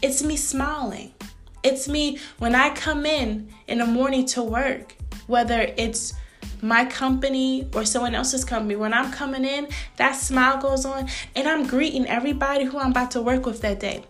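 A woman in her thirties hosting a faith-based business podcast, speaking in a lively, preachy way and calling her listeners sis. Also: high voice, moderate pace, faint music behind. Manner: animated, frequent laughs, acts out greetings. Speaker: podcast host.

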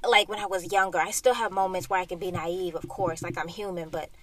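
A woman's voice: fairly low pitch, fairly even intonation, quick pace. Young adult woman, solo podcast host, frank and profane rant, recorded in a car. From Florida. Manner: profane, blunt and heated. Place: inside a hot parked car.

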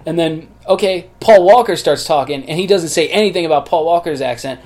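A man's voice: on the high side, a little fast, a little mellow. Joking, profane man recapping a movie. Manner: profane, jokey, slips into goofy impressions. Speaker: podcast co-host. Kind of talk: casual chat.

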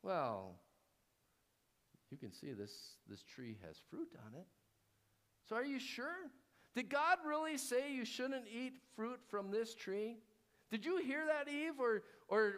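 A preacher voicing a sly male serpent who tempts with soft, wheedling questions in a villainous whisper. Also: sits high, sing-song, measured pace, pitched above the performer's own voice, full character voice. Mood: coaxing.

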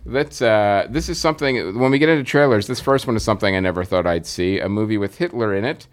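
A man hosting a podcast, introducing movie trailers in a relaxed, hesitant way. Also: lowish voice, fast. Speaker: podcast host. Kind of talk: casual chat introducing trailers.

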